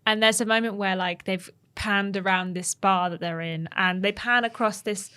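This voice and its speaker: A woman's voice: medium pitch, steady tone, normal speed, sharp tone, smooth. A woman co-hosting a gaming podcast, chatting in a bubbly, enthusiastic and rambling way. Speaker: podcast co-host. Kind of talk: casual chat.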